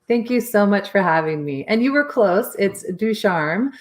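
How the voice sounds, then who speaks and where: A woman's voice: mid-range voice, expressive, normal speed. A woman guest in an interview, explaining her work in an earnest, conversational way. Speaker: interview guest, nonprofit founder.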